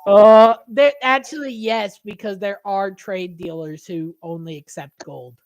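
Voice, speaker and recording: A woman running a tabletop game as game master, describing scenes with halting restarts. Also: mid-range voice, steady tone, a little mellow, dry recording.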